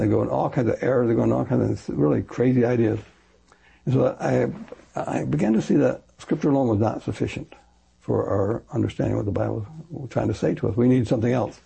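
A man's voice: medium pitch, creaky, slightly rough. An older man, a retired pastor, telling his story in an interview, rambling and correcting himself and acting out the voices of people he quotes. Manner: animated, acts out quoted voices.

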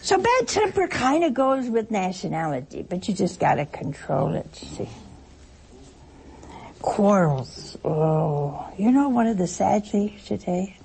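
Gravelly woman preaching with playful stories. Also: medium pitch, darkish tone, slight background noise. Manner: storytelling, playful, laughs and acts out voices. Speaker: religious speaker. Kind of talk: sermon-like talk to listeners.

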